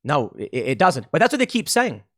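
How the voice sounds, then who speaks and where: A man's voice: on the high side, huge pitch swings, brisk, fairly bright tone. Sarcastic, emphatic male political commentator. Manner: sarcastic, emphatic, mocking quotes.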